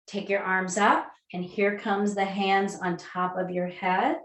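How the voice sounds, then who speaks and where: Gentle woman guiding a breathing class. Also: medium pitch, fairly even intonation. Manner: gentle, slow guiding with soft breathy cues. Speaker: mindfulness movement instructor. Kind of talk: guided movement and breathing lesson. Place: online video class.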